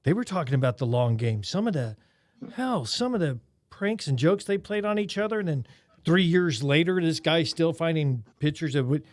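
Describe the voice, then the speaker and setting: A man hosts a casual podcast and jokes easily with his guests as he interviews them. His voice sits a touch high for a man, and the recording is dry and close, with no room sound. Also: expressive, normal speed, no echo. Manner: easygoing, joking interviewer. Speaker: podcast host.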